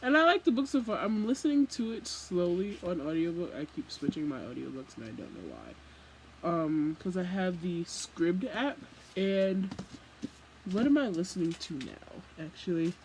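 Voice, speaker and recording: Animated young woman chatting about books. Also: on the low side, moderate pace, a little hiss or hum, rough recording. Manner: animated, rambling, jumps between thoughts. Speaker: book vlogger. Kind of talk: casual chat.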